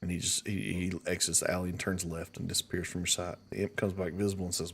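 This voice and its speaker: Low, husky man running the game. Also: little pitch movement, fast, hardly any pauses, fairly bright tone. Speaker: game master. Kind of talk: narrating a tabletop game.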